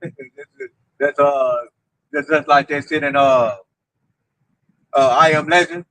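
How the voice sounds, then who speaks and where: Man chiming in with jokes, slightly high, gravelly. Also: fairly even intonation, slow, fairly bright tone, no echo, poor audio. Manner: joking, casual interjections. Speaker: group member chiming in.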